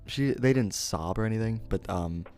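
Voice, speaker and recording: A man's voice: fairly low pitch, normal speed, a little mellow, faint music behind. A young man streamer casually telling a story to his chat, rambling and interrupting himself, laughing at his own remarks. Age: young adult.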